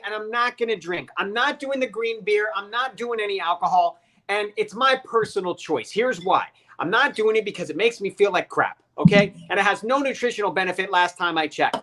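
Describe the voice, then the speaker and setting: A man hosting a live online chat, talking with lots of energy, cracking jokes and pressing his points hard. His voice is bright and forward. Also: high-pitched, fairly quick. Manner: energetic, joking, emphatic. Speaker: host. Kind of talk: casual live video chat.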